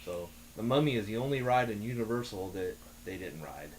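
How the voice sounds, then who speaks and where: A man chatting on a talk show, telling long stories with many halting restarts. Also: fairly low pitch, lively intonation, a little hiss or hum. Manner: rambling storyteller, halting restarts. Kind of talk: casual podcast chat.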